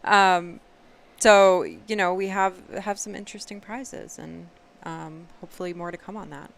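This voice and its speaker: Female co-host, low clear voice, chatty with lots of ums. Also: fairly even intonation, moderate pace. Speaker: podcast co-host. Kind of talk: casual chat.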